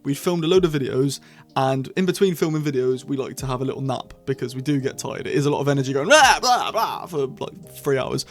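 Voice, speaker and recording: A young man reviewing a TV series to camera in a chatty, rambling way with bursts of excitement. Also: medium pitch, fast. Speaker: TV show reviewer. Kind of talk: casual scripted review to camera.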